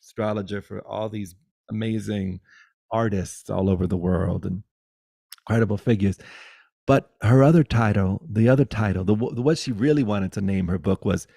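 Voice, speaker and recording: A middle-aged man giving a guided spiritual talk over a video call, swinging between loud exclamations and soft, hushed musing, swearing playfully. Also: fairly low pitch, normal speed, gravelly, no room sound, clean studio sound. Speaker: spiritual teacher.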